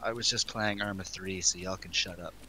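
A low-voiced man ribbing his friends over a noisy voice chat line during a shooter game. He is laid-back and swears casually. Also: fairly even intonation, brisk. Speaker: teammate in voice chat.

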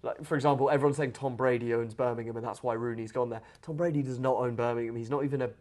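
A man's voice: medium pitch, fairly even intonation, rapid-fire, a little mellow. Guy on a podcast, dry wry storytelling, laid back. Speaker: podcast co-host. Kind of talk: casual chat.

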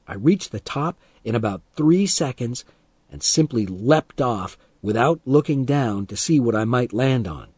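Husky guy reading an audiobook slow, lively up and down, dry close mic. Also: medium pitch, no echo. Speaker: audiobook narrator. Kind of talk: slow first-person audiobook reading for English learners.

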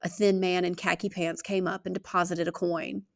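Woman narrator for an audiobook read-aloud, steady delivery, noticeable vocal fry. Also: on the low side, moderate pace. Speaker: reader. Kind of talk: reading a novel aloud.

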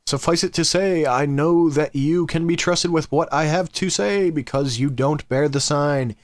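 A man's voice: fairly high pitch, a little slow, dry recording, clean studio sound, close to an everyday voice. A man voicing a secretive, paranoid stranger who gives curt commands from behind a door. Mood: commanding.

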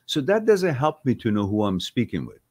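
A man's voice: medium pitch, fairly quick, slightly rough, dry recording. Guy doing a live stream q&a, heated and blunt, lots of questions, voice all over the place. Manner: blunt, heated, swears when riled; rhetorical questions, animated delivery. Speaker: live stream host answering viewer questions.

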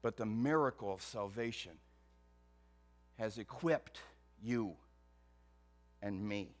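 A man preaching a sermon as pastor, emphatic, with rhetorical questions. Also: medium pitch. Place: church.

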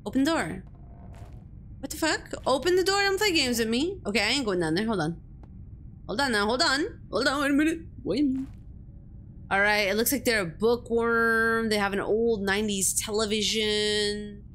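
A young woman streams herself playing a horror game, jumping at scares, cursing freely and talking back to the game. Her voice is slightly high and a bit bright, at a normal speed, with slight background noise.

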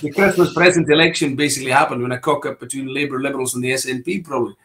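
A middle-aged Scottish man speaks as an interview guest in a mid-pitched voice. He talks his way round a point, often restarting and repeating words before carrying on. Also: fairly even intonation, racing, sharp tone. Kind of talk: conversational political discussion.

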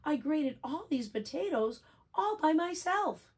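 A woman voicing an eager little girl in a storybook reading, high and proud. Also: sing-song, unhurried, a little mellow.

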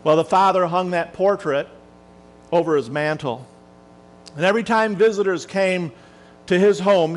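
High-voiced male minister telling a story. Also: low-quality recording. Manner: dramatic, slowing and softening for emphasis. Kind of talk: sermon storytelling.

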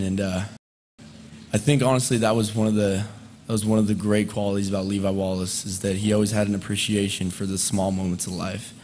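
A man in his twenties speaking as a friend at a memorial service, conversational and halting, with fillers and soft laughs. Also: lowish voice, a little hiss or hum. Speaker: eulogist, friend of the deceased. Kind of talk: memorial eulogy. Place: memorial service hall, indoors.

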